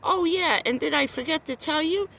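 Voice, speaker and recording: A woman's voice: high-pitched, normal speed, vocal fry, a bit bright, a little hiss or hum. A woman on a livestream, ranting in a heated, profane, repetitive way, upset and near tears, talking from a parked car. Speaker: vlogger. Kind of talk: angry livestream rant.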